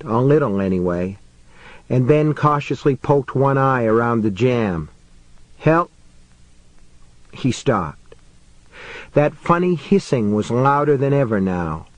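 A male audiobook narrator telling a horror story in a measured, wry way. His voice sits at a middling pitch, neither high nor low, and the recording is dry and close, with no room sound. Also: dry recording. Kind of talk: scripted narration of a horror novel.

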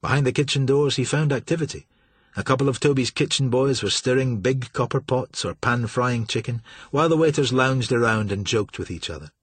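A man reading a novel aloud in measured, steady scripted narration. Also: medium pitch, slightly rough, no echo. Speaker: audiobook narrator.

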